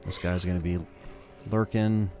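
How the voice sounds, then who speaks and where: A tired gaming streamer yawns as he rambles casually to his chat while playing, offering laid-back gameplay commentary. He has a low voice at a moderate pace, with soft music in the background.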